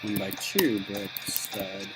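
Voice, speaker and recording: A man's voice: fairly low pitch, slow pace, low-quality recording. A man live-streaming as he builds, chatting with viewers in a rambling, casual way. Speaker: Lego designer live-streaming. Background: background music.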